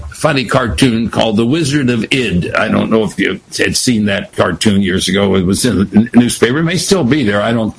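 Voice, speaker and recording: A man teaching a Bible study lesson, retelling scripture in an animated, digressive way. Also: medium pitch, husky, poor audio.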